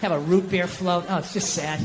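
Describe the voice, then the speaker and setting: A middle-aged man performing a stand-up comedy routine, sarcastic and profane, animated as he slips in and out of quoted voices. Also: sits high, moderate pace, big-room sound. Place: comedy stage before an audience. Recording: noisy live comedy stage with crowd.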